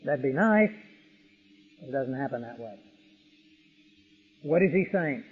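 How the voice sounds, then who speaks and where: A man's voice: mid-range voice, animated, unhurried, slightly rough, soft background music. A man preaching an expository sermon, emphatic, with vivid illustrations. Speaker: pastor. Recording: tinny radio broadcast with long reverb.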